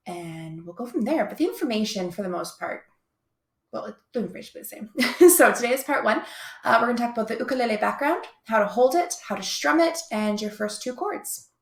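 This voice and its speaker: Young woman music teacher, chatty and upbeat, bit of vocal fry, echoey room. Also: on the high side. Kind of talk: recorded video lesson.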